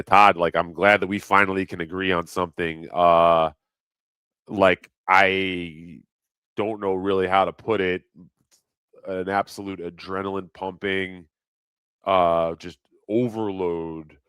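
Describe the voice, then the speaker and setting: A man's voice: sits low, level tone, slow pace, fairly bright tone, smooth, no room sound. A middle-aged man rambling crudely in a casual livestream chat, reading comments aloud and laughing at himself.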